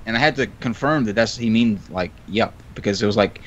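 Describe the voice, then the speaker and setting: A man's voice: lowish voice, fast. A man hosting a casual group voice chat, joking and chatty. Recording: dull lo-fi voice chat audio with faint noise.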